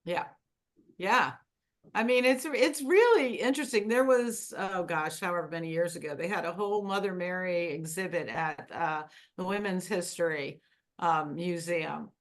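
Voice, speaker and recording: A woman's voice: on the low side, normal speed. A woman hosting a wellness workshop, teaching a group in a chatty, meandering way. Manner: chatty, meandering, with fillers and laughs.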